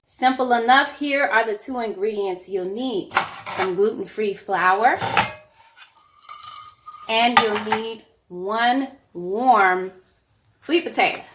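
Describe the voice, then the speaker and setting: A woman's voice: mid-range voice, slow, pauses often, reverberant, heavy background noise. A woman with a Southern accent, giving a chatty, encouraging home cooking demonstration and often repeating her phrases. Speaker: cooking instructor. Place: home kitchen.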